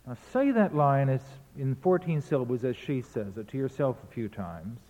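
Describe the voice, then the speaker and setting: A man's voice: mid-range voice, expressive, moderate pace, dark tone, slight background noise. A man lecturing on verse, explaining rhythm and chanting the beats aloud to demonstrate. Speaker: literature lecturer. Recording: tinny phone-like sound in a reverberant hall.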